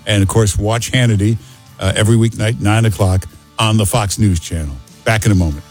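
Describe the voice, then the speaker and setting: A man's voice: fairly low pitch, fairly even intonation, fairly quick, over loud music. A man hosting a call-in radio talk show, emphatic and joking, repeating himself for effect.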